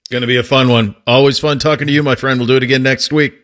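A man's voice: mid-range voice, steady tone, rapid-fire, a bit bright. A man hosting a sports radio show, chatting in an easygoing, teasing way with his guest. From Montana. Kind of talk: casual sports talk.

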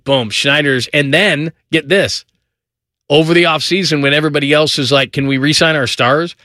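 A middle-aged man hosting a sports talk show, giving energetic casual commentary and rattling off lists of player names. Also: mid-range voice, dry recording, studio quality.

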